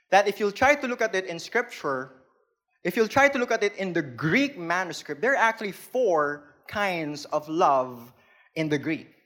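A man's voice: high voice, fairly bright tone. A man with a Filipino accent preaching a sermon, explaining things plainly and playfully, laughing at his own jokes.

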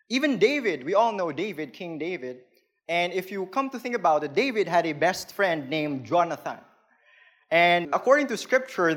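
A man's voice: high-pitched, fairly bright tone. A man with a Filipino accent preaching a sermon, explaining things plainly and playfully, laughing at his own jokes.

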